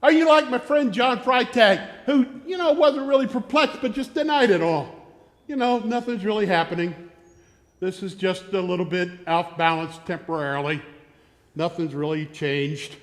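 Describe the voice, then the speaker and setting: A man with an American accent preaching a sermon, telling stories and acting out shouted quotes. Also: sits high, moderate pace, in a large hall. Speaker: pastor. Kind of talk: sermon with storytelling. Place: church sanctuary.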